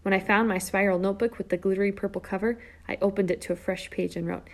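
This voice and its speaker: A woman reading a first-person children's novel aloud, lively and character-driven, with whispered asides. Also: medium pitch, fast, slight background noise. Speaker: audiobook narrator. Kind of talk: first-person storybook narration.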